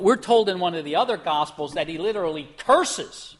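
A man's voice: a little high, expressive, brisk, fairly bright tone, husky. A man from Pennsylvania preaching a sermon as a pastor, talking in a conversational way with rhetorical questions, acting out quotes and often repeating words as he restarts.

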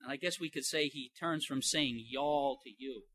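Folksy bright-voiced older male preacher. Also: mid-range voice, normal speed, dry recording. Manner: conversational, folksy, with many restarts. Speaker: pastor. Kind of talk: sermon.

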